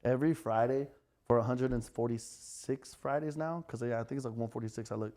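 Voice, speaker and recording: An American man, a club promoter, telling stories on a podcast in a quick, profane, animated way. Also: mid-range voice. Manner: fast, profane, animated storyteller. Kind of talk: casual storytelling chat.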